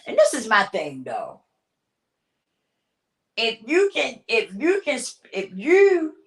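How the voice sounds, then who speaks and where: A woman's voice: a little high, fairly bright tone. A woman vlogger in a blunt, repetitive talking-to-camera rant who swears casually and laughs often.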